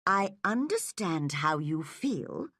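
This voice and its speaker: A woman voicing a firm but kind middle-aged guardian who speaks calmly in a storybook reading. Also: fairly low pitch, slow, no echo, studio quality, exaggerated voice. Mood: firm, gentle. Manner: calm and firm.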